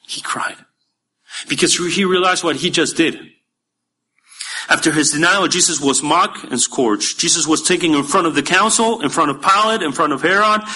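A man, a pastor preaching a sermon in a church, emphatic at times and dropping to quiet asides. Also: on the high side, slightly rough.

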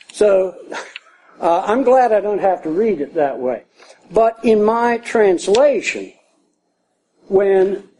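A man's voice: sits high, dark tone, low-quality recording. An older man preaching a conversational sermon to a congregation in a church, repeating key phrases for emphasis. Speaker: pastor.

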